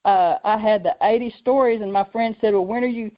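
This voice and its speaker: A woman hosting a faith radio show, telling her own story in a lively way and acting out the voices she quotes. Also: medium pitch, brisk. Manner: lively, acts out quoted voices, laughs often. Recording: muffled lo-fi radio audio.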